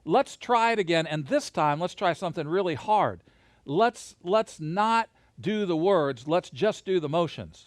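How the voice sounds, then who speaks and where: A man teaching a Bible lesson to a camera, animated and playful, leading hand motions. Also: high-pitched, unhurried, no room sound. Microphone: camera mic.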